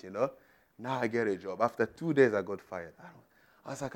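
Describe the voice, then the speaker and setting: A man's voice: medium pitch, fast talker. Man, preacher, sermon, emphatic, middle-aged. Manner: emphatic, rising to loud declarations.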